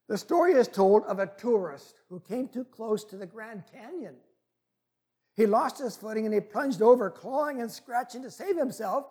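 A man preaching a sermon in an earnest, deliberate way. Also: very high-pitched, darkish tone.

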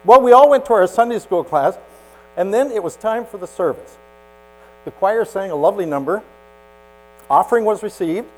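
A male pastor delivering a dramatic storytelling sermon. His voice sits slightly high and leaps around in pitch, swinging between loud emphasis and hushed asides. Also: animated, normal speed, long pauses, rough recording.

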